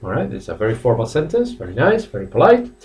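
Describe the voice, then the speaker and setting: Lively teacher drilling phrases. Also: male voice, medium pitch, far from the mic. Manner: lively, drawn-out model phrases, repeats them, greets chat viewers. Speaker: English teacher. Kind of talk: live online English class. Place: language academy classroom.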